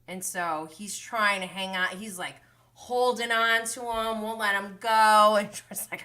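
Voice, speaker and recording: A woman hosting a casual reality TV recap livestream, animated and gushing, laughing often and swearing casually. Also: mid-range voice, unhurried.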